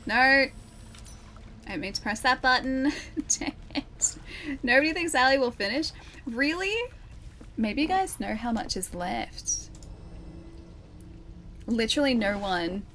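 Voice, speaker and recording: A woman chats casually while streaming a game, her voice sitting a little high. She laughs often and greets her viewers by name. A faint hiss runs under the recording. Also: expressive, a little slow, long pauses, bright, forceful tone.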